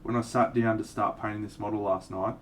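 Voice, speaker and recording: A man's voice: lowish voice, a little fast. A man streaming live, talking casually and a little self-mockingly as he paints miniatures and explains his colours. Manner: relaxed, rambling, self-mocking asides. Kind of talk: casual live tutorial talk. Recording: distant mic with faint background noise.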